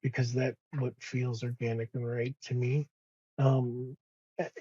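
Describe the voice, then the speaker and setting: A man speaking as a podcast guest in a slow, soft-spoken, reflective way, pausing often and restarting his sentences. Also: mid-range voice, flat delivery, husky, dry recording, highs cut off. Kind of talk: reflective conversation.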